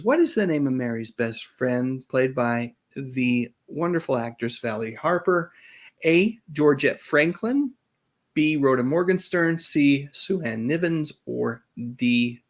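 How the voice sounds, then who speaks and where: A man hosting a live-stream trivia quiz, chatty and reading out the answer choices slowly. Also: a little high. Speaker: host.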